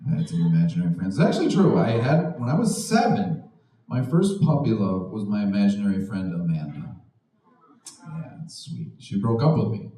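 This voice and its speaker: A young man doing a stand-up comedy set, animated, often jumping into high mocking voices for the people he quotes. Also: normal speed. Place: art house venue with live audience. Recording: echoey room, distant mic, faint noise. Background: audience laughter.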